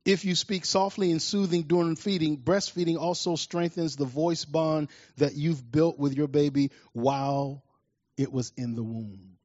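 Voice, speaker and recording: Male pastor, sermon, animated delivery, a bit high-pitched, dry muffled sound. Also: a little slow, dry recording. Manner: animated preaching, swells loud and high on stories.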